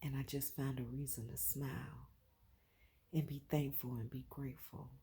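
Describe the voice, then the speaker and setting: Speaking at normal speed with a level tone, a low-voiced, husky woman pours her heart out on her personal vlog. Her delivery is heartfelt and emotional, shifting from soft to loud and emphatic while she repeats certain phrases.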